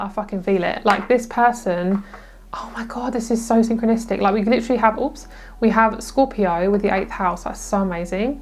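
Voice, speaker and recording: Young woman tarot reader, excitable and gushing, casual and profane, mid-pitched. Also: a little hiss or hum. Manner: gushing, excitable, swears freely. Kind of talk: casual pick-a-card tarot reading.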